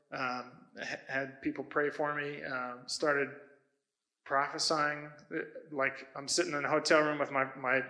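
Pastor, male, preaching. Bright, forward tone; conversational, stops and restarts mid-sentence. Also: mid-range voice, low-quality recording. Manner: conversational storytelling with self-corrections. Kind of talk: sermon.

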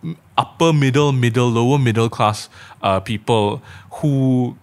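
A man's voice: medium pitch, unhurried. Earnest man co-hosting a podcast. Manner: earnest, challenging listeners, many fillers. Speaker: podcast co-host. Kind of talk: casual podcast discussion.

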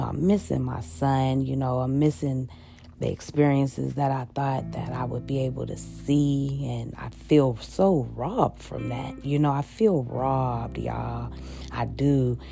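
A woman with a very deep, gravelly voice talks in a personal confessional monologue. She is halting and openly emotional, stumbling over repeated words and fillers. Music plays clearly beneath her voice. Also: warm tone. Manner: heavy-hearted, openly emotional. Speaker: podcast host. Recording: music playing underneath.

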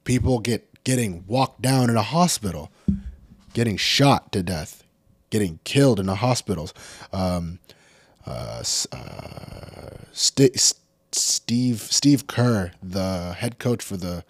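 Deep husky man ranting angrily. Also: lively intonation, takes it slowly, no echo. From California. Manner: profane, heated, builds to shouting. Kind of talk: angry unscripted rant.

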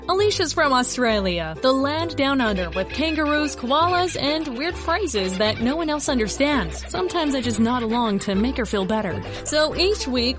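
A Canadian woman introduces a podcast segment in a teasing, lightly joking tone. Her voice is high and swoops all over the place. Music plays clearly under her. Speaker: podcast co-host.

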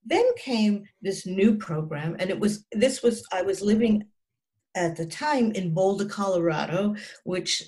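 A woman's voice: medium pitch, a little slow, a little mellow. A woman in her sixties, a psychotherapist, telling a personal story as an interview guest in an earnest, emphatic way, often restarting and dropping her voice at grim moments.

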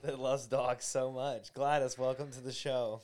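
A man's voice: medium pitch, level tone, a little slow, darkish tone. A man hosting a podcast, teasing his guest in casual, joking banter. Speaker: podcast host.

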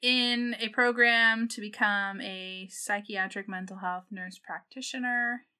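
A young adult woman co-hosting a casual podcast, speaking in a measured, candid way. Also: medium pitch, fairly even intonation, pushed and bright, clean tone. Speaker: podcast co-host, nurse.

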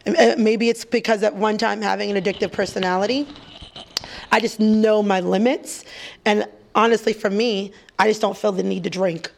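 A woman, a church staff pastor telling a personal story in a casual chat, lively and quick to act out voices. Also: mid-range voice, vocal fry. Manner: lively storyteller, acts out quoted voices, laughs often.

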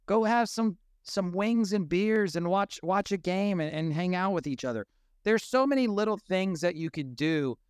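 A man's voice: high voice, clean tone, no echo, studio quality. A man in his thirties hosting a casual audio chat, telling stories animatedly and swearing freely. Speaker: host.

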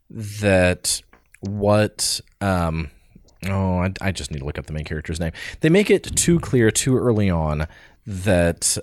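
A podcast co-host with a lowish voice chats casually about a film he saw, rambling along with restarts and fillers. The audio is clean studio sound with no room sound.

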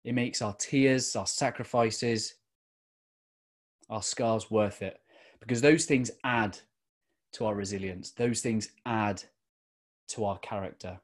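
A middle-aged man giving an earnest motivational talk as a podcast host, slowing down to stress key phrases. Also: fairly low pitch, fairly even intonation.

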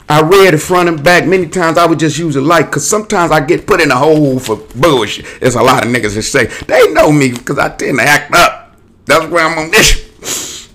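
A man's voice: a little high, fairly bright tone, a little hiss or hum. A man hosting his own show, delivering a rambling, digressive monologue to camera in a streetwise, casual way. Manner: digressive, restless, jumps between topics; streetwise, casual speech with cursing. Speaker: show host.

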